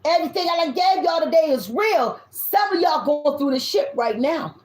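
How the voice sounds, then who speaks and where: Loud, blunt Southern woman in her fifties. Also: high voice, animated, normal speed. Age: 50s. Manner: loud, blunt, swears freely. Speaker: tarot reader. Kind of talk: casual spiritual reading talk. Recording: echoey room.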